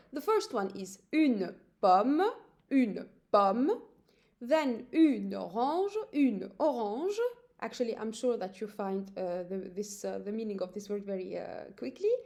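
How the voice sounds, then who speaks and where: A woman gives a language lesson in a slightly high voice. She says each word slowly and repeats it so listeners can copy the pronunciation. Her delivery is patient and methodical. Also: a little mellow. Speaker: French teacher.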